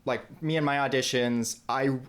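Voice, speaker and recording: A man hosting a casual interview over a video call, talking in a halting way with many restarts. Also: medium pitch, steady tone, a bit bright. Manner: hesitant, with fillers and restarts. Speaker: interviewer, host.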